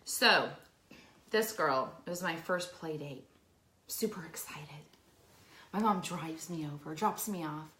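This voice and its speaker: A woman's voice: deep voice, measured pace, roomy sound. A woman co-hosting a casual chat show, telling embarrassing stories and acting out the scenes as she goes. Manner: animated storyteller, acts out scenes. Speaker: podcast co-host.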